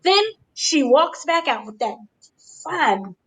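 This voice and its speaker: A woman's voice: high-pitched, animated, slow pace, low-quality recording. A woman recapping a wrestling match in a playful, gossipy way, acting out the quotes with gasps and dramatic voices. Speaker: entertainment editor recapping wrestling. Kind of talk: animated recap chat.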